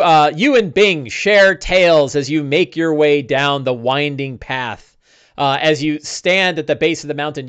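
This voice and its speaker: Rambling male game master. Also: mid-range voice. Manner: rambling, with frequent fillers and restarts. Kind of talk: narrating a tabletop game.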